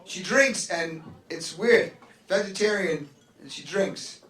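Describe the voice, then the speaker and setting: A man doing a stand-up comedy set on a club stage, animated and acting out other people's voices. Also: high-pitched, slow pace. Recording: echoey club recorded from a distance. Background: audience laughing.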